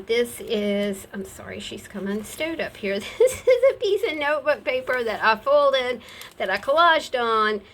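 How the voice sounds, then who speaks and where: A woman's voice: medium pitch, a bit bright. A middle-aged woman, rambling chattily as she shows off craft supplies and laughs at herself. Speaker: craft seller showing her products. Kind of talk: casual craft show-and-tell.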